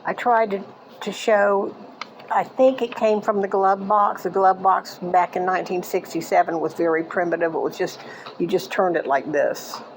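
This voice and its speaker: Older woman telling a memory haltingly. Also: on the low side, steady tone, slight background noise, low-quality recording. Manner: halting, with restarts and trailing off into quieter asides. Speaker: eyewitness recounting a childhood memory. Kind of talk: casual personal storytelling.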